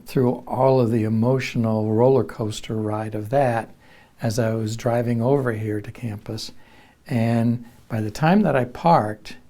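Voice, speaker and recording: A man who teaches counseling at a university, earnestly recounting a personal experience in a reflective, measured way. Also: medium pitch, warm tone. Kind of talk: personal storytelling.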